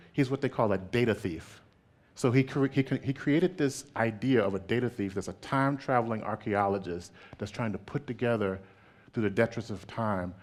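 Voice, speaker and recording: A man giving a public artist talk in an animated way, laughing often and checking in with "right?". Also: mid-range voice.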